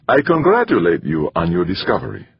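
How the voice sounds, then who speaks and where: A man with a low, husky voice voicing a gracious older priest who speaks in a measured, formal way, in a dull lo-fi recording. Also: wildly swooping pitch, no echo, heavily acted. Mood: courteous.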